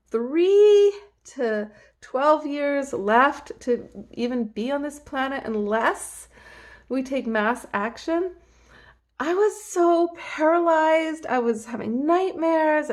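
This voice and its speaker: A woman's voice: sits high, darkish tone. A middle-aged woman hosting her own show, talking casually and animatedly to the camera from home, laughing often and acting out the people she quotes. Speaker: host. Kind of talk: casual direct-to-camera talk. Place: home, emptied out.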